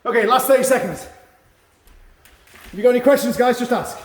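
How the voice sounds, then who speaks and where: A man's voice: very high voice, animated, fast talker, long pauses, roomy sound. A man, a karate instructor, teaching an online seminar over a video call, encouraging and checking understanding with frequent "yeah?".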